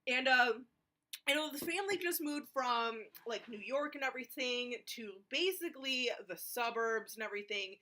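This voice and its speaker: Chatty, bright high-voiced woman reviewer. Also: lively intonation, moderate pace. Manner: rambling, lots of fillers, blunt and jokey. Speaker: movie reviewer. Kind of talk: casual spoken film review.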